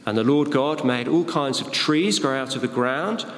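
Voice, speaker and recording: In an echoey hall with long reverb, a man preaches a sermon, reading Bible verses and explaining them in an expository way, using fillers and telling a joke. His voice is medium-pitched at a normal speed.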